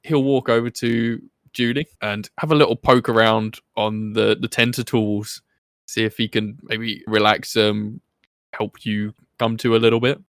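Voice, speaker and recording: A man narrating a tabletop game as game master, relaxed and laughing easily. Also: on the low side, measured pace, no room sound, studio quality.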